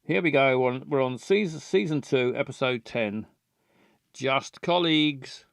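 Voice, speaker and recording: A man streaming a game playthrough who talks slowly with a gravelly, creaky edge. He hesitates often, fills gaps with ums and little chuckles, and greets viewers by name. The recording is dry and close to the mic. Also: mid-range voice, a bit bright, dry recording.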